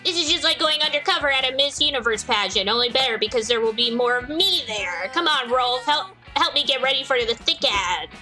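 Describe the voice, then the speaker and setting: A woman's voice: high voice, animated, brisk, few pauses, bright, forceful tone, faint music behind, poor audio. A young woman hosting a story game, reading its text aloud in a mock-grandiose, playful way. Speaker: host playing a story game.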